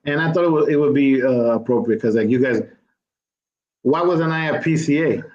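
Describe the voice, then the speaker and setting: An older man, a physician and guest, chatting casually and telling an animated anecdote in which he acts out other people's voices. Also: medium pitch, moderate pace. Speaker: physician and cigar company founder, guest. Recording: echoey, dull-sounding room.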